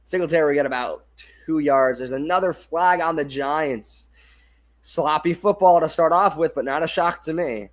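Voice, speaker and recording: Speaking at a moderate pace in a fairly high voice, a young fan provides casual football livestream commentary. Tired and yawning, he often backtracks to correct himself and apologizes when he slips.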